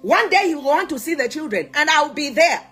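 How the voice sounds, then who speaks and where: A woman's voice: high voice, animated, fairly quick, fairly bright tone, soft background music. A Zambian woman ranting on her vlog, scolding someone, switching between English and local words with mocking repeats. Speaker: social media influencer. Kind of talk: heated vlog rant.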